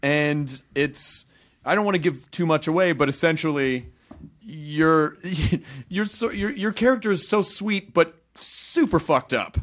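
A man's voice: on the high side, fairly bright tone. A man interviewing a guest in a casual, enthusiastic way. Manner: enthusiastic, quick to laugh.

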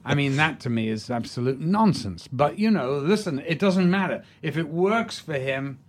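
An older man, an actor being interviewed, telling stories in a rambling, halting way with many restarts. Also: a little high, lively intonation. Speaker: actor, guest. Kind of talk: anecdotal storytelling in an interview.

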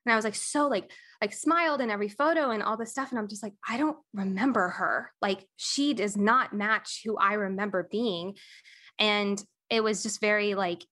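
A young adult woman, a coach appearing as a podcast guest, candidly recounts a painful personal story, pausing often and using many fillers. Her voice is medium-pitched and fairly bright.

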